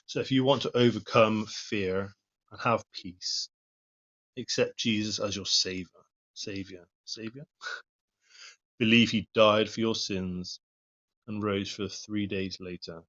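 A man gives a plain-spoken devotional talk in a fairly low voice. He reads scripture aloud and follows each verse with earnest comment. The recording is dull and lo-fi. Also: steady tone, slow pace, pauses often, a bit bright. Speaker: lay preacher.

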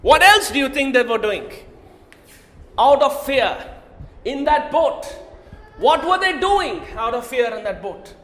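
A man's voice: extremely high pitch, big pitch swings, measured pace, pauses often, pushed and bright. A man preaching a sermon, asking the congregation questions and often raising his voice for emphasis. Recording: echoey hall.

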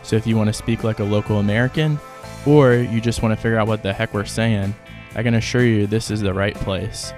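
A man's voice: fairly low pitch, fairly even intonation, brisk, darkish tone, soft background music. A man hosting a casual podcast that teaches English, explaining things in a laid-back, chatty, informal way.

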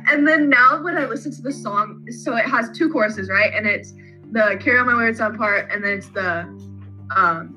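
A woman co-hosting a casual fan podcast, retelling scenes in a rambling, animated way. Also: on the high side, moderate pace, soft background music, low-quality recording. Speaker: podcast co-host.

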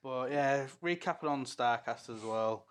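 A man's voice: mid-range voice, measured pace, clear, resonant tone. A young man with a Hull accent, co-hosting a podcast and telling stories in casual chat, laughing and swearing freely. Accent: Hull English. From England. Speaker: podcast co-host.

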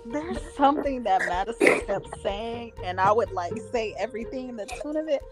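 A woman with a high, bright-pitched voice that swoops all over the place, talking casually on a podcast. She is animated and swears freely, with laughter breaking through, and clear music plays behind her. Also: moderate pace. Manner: animated, profane, laughs often.

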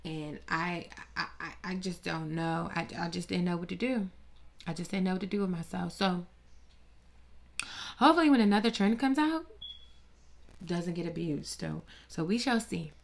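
A woman's voice: fairly low pitch, fairly even intonation, normal speed, vocal fry. A woman vlogger delivering a dramatic, profane, mock-grieving comedic rant with plenty of sass.

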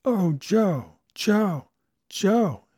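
A man doing an aging stage actress, pitched up and pleading, her voice climbing as she begs. It has a dark, mellow grain and sits dry and close on the mic. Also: lively intonation, very slow, husky, no echo, full character voice. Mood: tearful. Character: stage-weary older actress, tearful, pleading woman.

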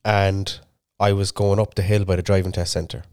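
A man's voice: sits low, level tone, normal speed, darkish tone, smooth, no room sound. A man, co-hosting a podcast and telling a long sweary story in casual chat. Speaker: podcast co-host.

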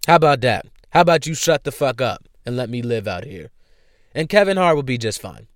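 Man, heated profane rant, repetitive emphasis, smooth clear voice, dry close sound. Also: medium pitch, expressive, brisk, no room sound. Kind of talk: ranting commentary.

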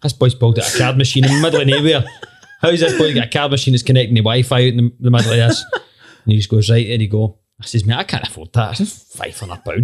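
A man's voice: mid-range voice, fairly even intonation, quick pace. Wry man telling an anecdote. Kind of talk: casual storytelling chat.

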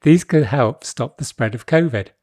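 A man's voice: medium pitch, expressive, moderate pace, a little mellow, breathy edge, no room sound. A man voicing an overly helpful, shifty innkeeper in an ingratiating tone.

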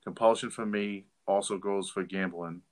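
A man's voice: low-pitched, steady tone, moderate pace. A middle-aged man and father co-hosting a recovery podcast, telling candid stories in a blunt, casual way. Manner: candid, blunt storytelling with fillers and restarts. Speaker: podcast co-host.

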